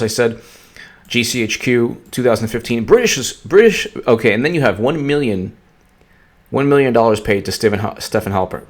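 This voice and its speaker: Rambling, sarcastic male political vlogger. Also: medium pitch. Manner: rambling, sarcastic, stumbling over words. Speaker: political commentator. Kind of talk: casual political commentary vlog.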